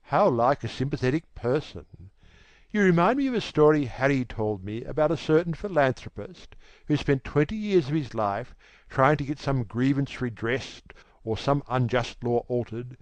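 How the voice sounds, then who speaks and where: A man reading an audiobook, voicing a vain, cold young gentleman who talks in a languid, dismissive way. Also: medium pitch, animated, normal speed, dry recording, lightly acted. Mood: coolly aloof. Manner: languid, self-assured, dismissive. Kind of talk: audiobook character voice.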